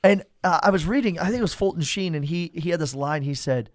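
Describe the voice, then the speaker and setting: A man who is a priest, chatting casually about church services and telling stories animatedly with quick laughs. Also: on the high side, no echo, studio quality.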